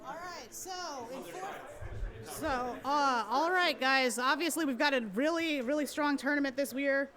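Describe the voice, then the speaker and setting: A woman with a high voice announces the results at a live gaming tournament. She talks casually, pausing and filling gaps as she goes. A crowd is clearly audible around her. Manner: casual, hesitant. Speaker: awards announcer. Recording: crowd noise behind.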